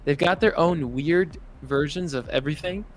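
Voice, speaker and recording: A man's voice: a little high, moderate pace, a little hiss or hum. A man co-hosting a live call-in show, telling long, easygoing anecdotes with the odd laugh. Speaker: co-host.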